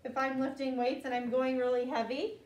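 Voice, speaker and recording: Brisk and level in tone, a woman with a high, slightly mellow voice patiently teaches children vocabulary, drilling each word in call-and-response and repeating it often. She is an elementary school teacher in a classroom, and the echoey, distant recording has its highs cut off.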